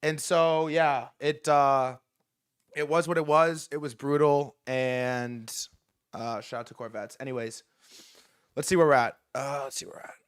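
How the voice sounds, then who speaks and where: A young man hosting a livestream and telling a casual story, animated and profane, often repeating himself and restarting his sentences. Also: medium pitch, unhurried, clean tone. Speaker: livestream host.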